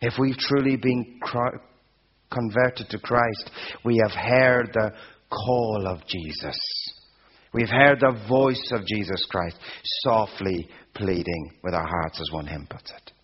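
A man preaching a sermon, slow and emphatic, building repeated phrases to a peak. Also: lowish voice, slightly rough. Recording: dull lo-fi sound.

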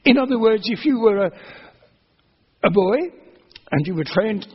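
A man with a high, husky voice preaches a sermon, explaining patiently and then pressing his point with repeated phrases. The recording sounds dull and lo-fi, as on an old sermon tape. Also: lively intonation, moderate pace. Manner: earnest, explanatory, rising to emphatic repetition. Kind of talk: expository sermon.

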